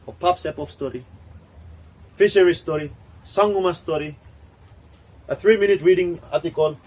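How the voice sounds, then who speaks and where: A man's voice: high-pitched, a little hiss or hum, poor audio. A man from Papua New Guinea running a workshop, talking in an emphatic, preachy way. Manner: preachy, emphatic, switches into local language. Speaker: workshop trainer. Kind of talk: animated workshop talk. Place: training room.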